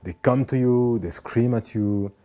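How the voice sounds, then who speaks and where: Mellow low-voiced man giving advice. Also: unhurried. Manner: earnest, repeats phrases, acts out shouting people. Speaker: motivational speaker. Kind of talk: motivational talk.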